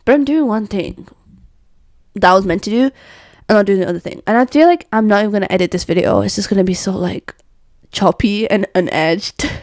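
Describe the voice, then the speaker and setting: A young woman vents casually in her bedroom, jumping between thoughts with self-mocking humour. Her voice sits at an ordinary pitch. The sound is close and dry, with no room echo. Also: fairly quick, a little mellow. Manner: scattered and self-mocking, laughing often and sighing. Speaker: vlogger. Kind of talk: casual rambling rant to camera.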